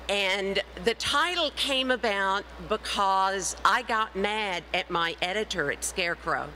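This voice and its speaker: A middle-aged woman speaking at a conference with a bright, forceful voice. She tells her story with energy and slips into the voices of the people she quotes. A faint hum of room ambience sits underneath. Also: medium pitch, expressive, moderate pace, few pauses, poor audio. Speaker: author and speaker. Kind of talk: conference talk.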